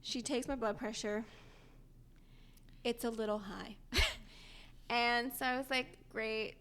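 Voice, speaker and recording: A young woman with a bright, somewhat high voice tells a story in relaxed podcast chat. She is animated, laughs often and acts out the people she quotes. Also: takes it slowly. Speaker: podcast co-host.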